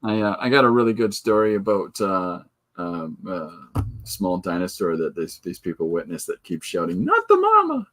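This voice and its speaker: A man hosting a podcast in casual chat, halting, with many fillers. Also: low-pitched, fairly even intonation. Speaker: podcast host.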